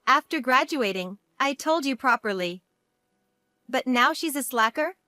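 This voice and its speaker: A normally quiet father near seventy, read by a woman narrator in a family drama story, turned stern. The lines are plain and read-out, in a slightly high voice on a dry, close recording. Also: lively intonation, a little slow, no room sound, exaggerated voice.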